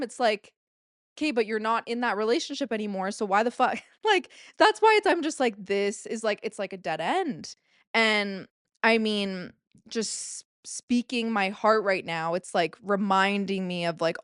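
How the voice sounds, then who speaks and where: A woman's voice: fairly high pitch, a bit bright, clear, resonant tone, no room sound, clean studio sound. A woman in her late twenties hosting a solo podcast, talking in a rambling, confessional way, full of filler words and casual swearing. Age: late 20s. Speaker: podcast host.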